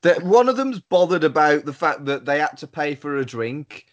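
A British man co-hosts a podcast, adding sweary, sardonic asides about a film. His pitch moves around a lot, which keeps his delivery lively. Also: normal speed, highs cut off. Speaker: podcast co-host. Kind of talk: casual film chat.

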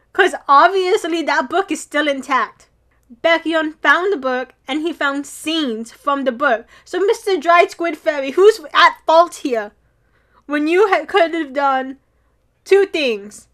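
A young woman with a high voice chats casually as a co-host. She sounds playfully bewildered and teases in a mock-scolding way. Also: fairly bright tone. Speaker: podcast co-host. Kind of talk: casual chat recapping a drama.

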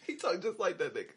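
A man on a casual podcast with a high voice that leaps all over the place. He tells his stories with big energy and keeps laughing through them. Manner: animated storyteller, laughs through lines. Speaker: podcast co-host. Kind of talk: casual chat.

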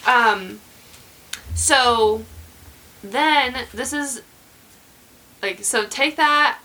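A woman's voice: a little high, drawn-out words, sharp tone, a little hiss or hum, low-quality recording. A young woman hosting a podcast, telling a true crime story in casual chat, rambling with many fillers and restarts.

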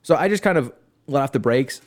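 A man's voice: medium pitch, lively intonation, fairly quick. A young man telling a story in casual chat as a podcast co-host, laughing often.

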